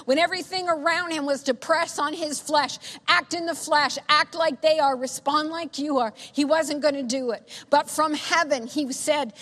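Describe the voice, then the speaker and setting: High-voiced woman preaching in a hall. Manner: impassioned, drawn-out preaching, drops low and soft for emphasis. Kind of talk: sermon.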